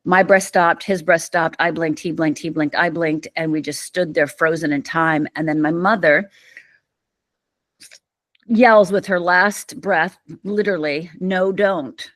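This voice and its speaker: A middle-aged woman from Upper Michigan tells her story in a low-set, emphatic voice. She acts out the other people's lines as she goes. The recording is dry and close. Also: steady tone, measured pace, a bit bright, no room sound. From Upper Michigan, USA. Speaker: podcast guest. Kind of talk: storytelling in an interview.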